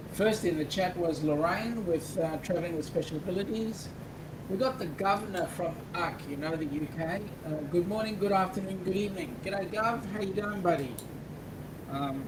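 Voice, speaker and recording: A man's voice: high-pitched, noisy background. A man with an Australian accent, co-hosting a casual livestream and reading out viewer comments with jokes. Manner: reads out viewer chat comments, joking. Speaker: co-host.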